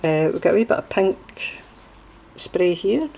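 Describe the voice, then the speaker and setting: A woman's voice: on the low side, expressive, a little slow, vocal fry, mellow, dull audio. A woman from Scotland with a Scottish accent, chatting casually as she shows a handmade journal and wanders off to explain local sayings. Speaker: crafter showing a handmade journal. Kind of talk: casual show-and-tell video.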